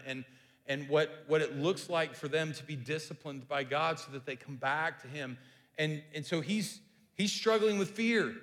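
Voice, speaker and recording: A man's voice: high-pitched, fairly bright tone, big-room sound. A man preaching a conversational sermon who often repeats himself and restarts phrases. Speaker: pastor.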